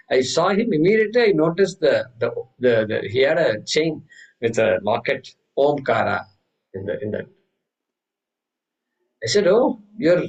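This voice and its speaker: A man teaching a scripture class, telling stories with many restarts and reciting Sanskrit verses slowly. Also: mid-range voice, slightly rough, poor audio. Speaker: Vedanta teacher. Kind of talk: spiritual class lecture.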